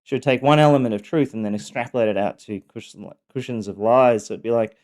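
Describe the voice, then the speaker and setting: Man telling his own story, slow and halting, warm smooth voice. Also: mid-range voice. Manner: halting, hesitant, many pauses and restarts. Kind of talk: personal storytelling monologue.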